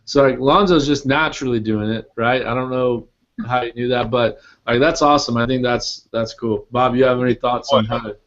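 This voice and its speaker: A man's voice: medium pitch, steady tone, a little fast. A man hosting a casual group call, asking long, rambling questions full of fillers. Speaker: host. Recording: dull lo-fi audio.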